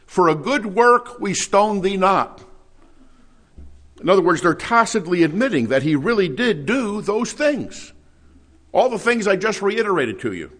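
A man's voice: mid-range voice, a bit bright. A man preaching an expository Bible sermon, reading scripture aloud and asking rhetorical questions with rising emphasis.

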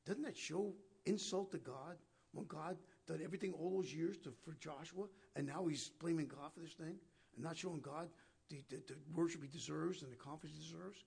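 Gravelly, husky high-voiced man preaching. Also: brisk, a little mellow. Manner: questions the listeners, repeats words, paraphrases scripture. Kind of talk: conversational Bible teaching.

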